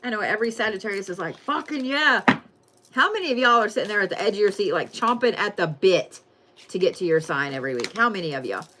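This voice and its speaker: A woman giving a casual, profane, excitable weekly zodiac reading and calling her viewers y'all. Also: on the low side, a little hiss or hum. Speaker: tarot and astrology reader.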